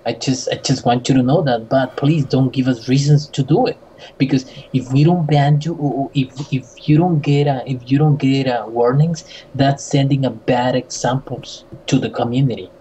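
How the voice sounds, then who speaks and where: A man with a Spanish accent, a website admin talking in a casual voice chat, halting with many restarts and fillers. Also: mid-range voice, steady tone, dark tone, dull audio, a little hiss or hum.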